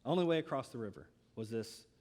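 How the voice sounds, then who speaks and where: A man preaching a sermon in a church, telling a personal story in a lively way with pauses. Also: mid-range voice, long reverb tail. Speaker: pastor.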